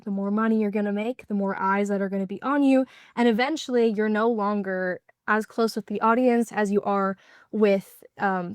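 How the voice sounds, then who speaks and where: A woman's voice: medium pitch, no room sound, studio quality. A young woman giving a casual class presentation, explaining with lots of fillers. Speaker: student presenter.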